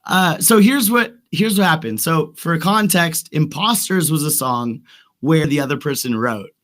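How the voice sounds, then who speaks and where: A man's voice: fairly high pitch, measured pace, a bit bright. A sick man with a cough, co-hosting a casual stream chat as a rapper, joking and mocking himself. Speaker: co-host and rapper.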